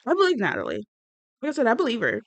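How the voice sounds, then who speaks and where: A woman's voice: fairly high pitch, huge pitch swings, rapid-fire, dry recording. A woman giving blunt, rambling, sassy commentary on a reality show. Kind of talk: casual reaction commentary.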